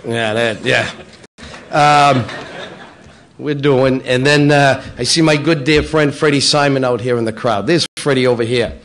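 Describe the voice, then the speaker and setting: Brief: middle-aged man roasting local officials, playful, jokey, mid-pitched, in a banquet room. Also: unhurried, fairly bright tone, a little hiss or hum. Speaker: local politician speaking at a breakfast. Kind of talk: roast-style joke telling. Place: banquet room at a public breakfast.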